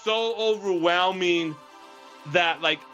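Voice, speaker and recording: A man's voice: high-pitched, takes it slowly, bright, forceful tone, muffled recording, soft background music. A man casually telling a long dream story on a podcast, rambling with constant "like" fillers and cheerful swearing. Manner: rambling, heavy use of filler "like"; profane, laughs through the telling. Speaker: podcast co-host.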